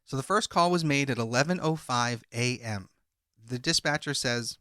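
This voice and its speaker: A man co-hosting a podcast, retelling a crime case and reading call transcripts aloud in a measured way. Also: mid-range voice, sharp tone, no echo, clean studio sound. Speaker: podcast co-host. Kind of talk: casual true-crime podcast chat.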